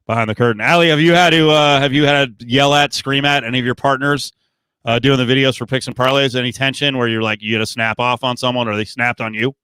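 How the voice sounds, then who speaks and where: A man hosting a podcast, relaxed, reading out viewer comments in casual chat. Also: medium pitch, fast, smooth, no room sound. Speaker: podcast host.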